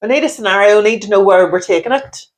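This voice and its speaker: A woman's voice: medium pitch, fast. A woman co-hosting a podcast, telling chatty stories about her weekend in casual conversation. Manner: chatty storytelling. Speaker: podcast co-host. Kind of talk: casual chat.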